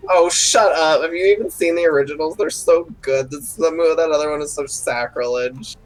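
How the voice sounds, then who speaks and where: A man playing a tabletop game, animated and opinionated in banter. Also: a little high, normal speed, soft background music, low-quality recording. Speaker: player. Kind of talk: casual tabletop play.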